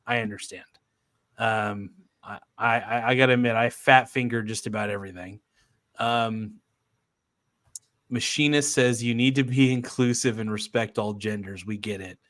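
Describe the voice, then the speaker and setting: A man's voice: fairly low pitch, moderate pace, fairly bright tone, dry recording, studio quality. A man hosting a casual livestream, reading viewer comments aloud and laughing often. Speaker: livestream host.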